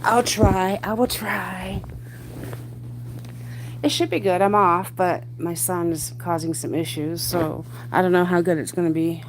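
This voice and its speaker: Chatty woman hosting a livestream, low voice. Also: normal speed, few pauses, slight background noise. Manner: laughs often, greets viewers by name; quotes others in a mocking voice. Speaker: livestream host. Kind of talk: casual live-stream chat with viewers.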